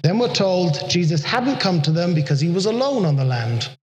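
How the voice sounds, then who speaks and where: A man preaching a sermon in an earnest way, slowing down to stress his points. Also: high-pitched, big pitch swings, slight background noise. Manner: earnest, slows down for emphasis. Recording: echoey hall with long reverb.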